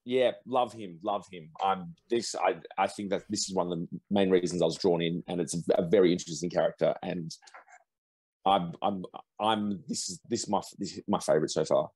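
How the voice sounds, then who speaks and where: Deep, husky-voiced man chatting casually. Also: steady tone, a little fast, darkish tone, no room sound, rough recording. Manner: rambling, lots of restarts and "yeah yeah". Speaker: podcast guest commentator. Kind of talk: casual chat.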